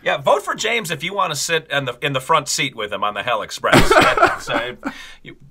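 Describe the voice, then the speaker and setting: A man's voice: fairly high pitch, sing-song, normal speed, vocal fry, very noisy. A man co-hosting a playful mock debate, teasing and mock-angry, often laughing. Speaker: debate show co-host. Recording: music playing behind.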